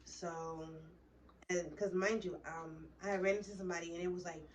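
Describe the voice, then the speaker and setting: A young woman with a low voice retells a story in a heated, rambling way, swearing constantly as she goes. The mic sits a little away from her. A faint hiss of background noise runs underneath. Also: fairly even intonation, normal speed, distant mic, poor audio. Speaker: vlogger. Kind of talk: casual storytime.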